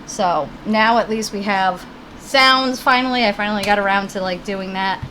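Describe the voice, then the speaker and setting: A woman's voice: mid-range voice, moderate pace, pushed and bright, a little hiss or hum, low-quality recording. A woman live-streaming a video game in casual chat, talking with viewers and her puppies at her computer. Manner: chatty, talks to her puppies between game lines.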